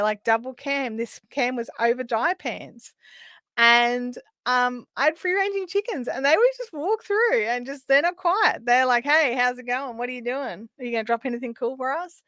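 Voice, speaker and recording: A middle-aged Australian woman chats through a live crafting session. Her voice sits fairly high, and she rambles through anecdotes, dropping to murmured asides. The sound is dry and close, with no room around it. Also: no echo. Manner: chatty storytelling, often trailing off into quiet asides. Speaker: host of a live craft stream. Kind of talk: casual chat while crafting.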